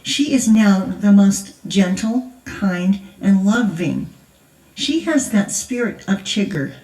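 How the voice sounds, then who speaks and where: An older grandmother takes her time, speaking slowly and animatedly in a medium-pitched, darkish voice. Her storytelling testimony at a conference is chatty and punctuated by laughter, and the large church hall makes her sound echoey and far away.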